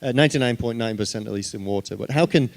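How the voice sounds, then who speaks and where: A man moderates a conference panel in a mid-pitched voice. He is polite and a little hesitant, and he uses fillers as he hands the floor to the speakers. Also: fast talker, gravelly.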